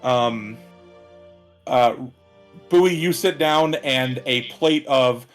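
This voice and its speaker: A man narrating as game master, halting, with many ums and restarts. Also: medium pitch, soft background music.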